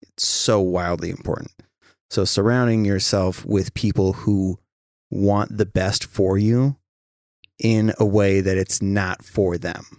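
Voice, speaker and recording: A man's voice: deep voice, slow, no echo, clean studio sound. A man hosting a podcast, talking casually and animatedly, with frequent swearing. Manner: profane, animated storytelling. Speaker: podcast host. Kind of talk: casual chat.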